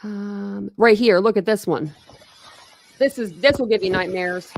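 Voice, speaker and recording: A woman's voice: medium pitch, unhurried, a little mellow, slight background noise. A woman hosting a true crime channel, chatting casually with viewers on a livestream, rambling with lots of "like" and answering comments as she goes. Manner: rambling, heavy use of "like".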